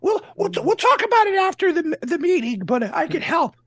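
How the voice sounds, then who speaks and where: Very high-voiced woman player, dry sound. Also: sing-song, brisk, no echo. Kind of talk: tabletop role-play.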